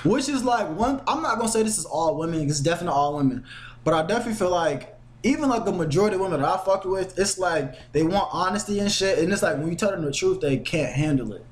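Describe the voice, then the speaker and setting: High-voiced young man telling a story. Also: fast. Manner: animated, acts out quotes with shifting voices; slangy, curses often. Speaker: podcast host telling a story. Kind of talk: casual storytelling.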